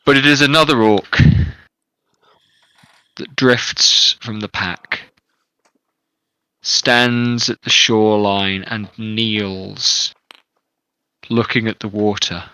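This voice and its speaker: Slow, bright-voiced male game master. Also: fairly low pitch, fairly even intonation, clear, resonant tone, dry recording, poor audio. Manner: measured, descriptive narration. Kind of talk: narrating a tabletop game.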